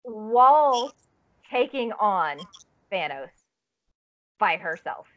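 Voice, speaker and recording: A woman's voice: mid-range voice, sing-song, drawn-out words. A woman co-hosting a podcast, chatting casually, rambling and restarting her sentences with giggles. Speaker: podcast co-host. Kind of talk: casual chat. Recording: dull lo-fi audio.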